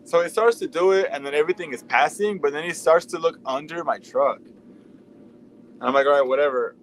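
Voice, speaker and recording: A man's voice: fairly high pitch, normal speed, a little hiss or hum, rough recording. A man hosting a livestream, telling a rambling story in a casual, profane, conversational way. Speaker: livestream host. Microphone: streaming mic.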